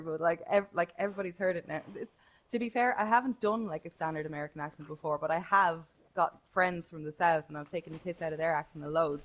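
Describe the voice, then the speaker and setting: A woman's voice: fairly low pitch, poor audio. A woman, co-hosting a casual podcast chat, laughing often and swearing freely. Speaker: podcast co-host.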